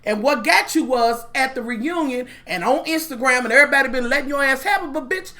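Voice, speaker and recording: Bright high-pitched woman ranting profanely. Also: animated, a little fast. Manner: blunt, foul-mouthed, exasperated. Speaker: vlogger reviewing reality TV.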